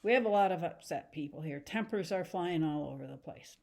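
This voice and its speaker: A woman teacher retelling a story in a chatty, animated lesson, acting out the scenes as she goes. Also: on the low side, brisk. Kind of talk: casual lesson retelling a novel.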